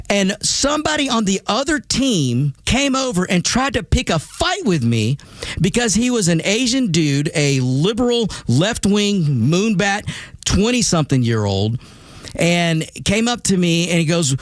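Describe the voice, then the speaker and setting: A man hosting a talk radio show in a studio, delivering an animated monologue full of stammered restarts and repeated words. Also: sits high, moderate pace, dry recording. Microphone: studio microphone.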